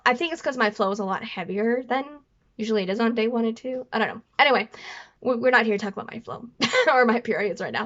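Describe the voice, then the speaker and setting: A woman's voice: on the high side, a bit bright. A woman vlogger telling a personal story to camera in a rambling, apologetic way, often stuttering and restarting. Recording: dull lo-fi recording.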